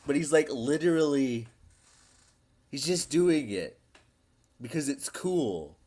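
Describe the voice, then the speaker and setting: A man talking in loose, crude banter with a lively, bouncing voice that rises and falls freely. He laughs often and swears a lot. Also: a little high, slow pace. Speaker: podcast co-host.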